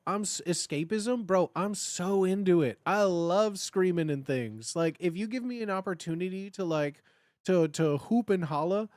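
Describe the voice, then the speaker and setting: This streamer, in their thirties and from the Chicago area, hosts a rambling, casual livestream chat at home, packed with fillers and restarts. Their animated delivery spikes high when they act out cheering, captured in a dry, studio-quality recording.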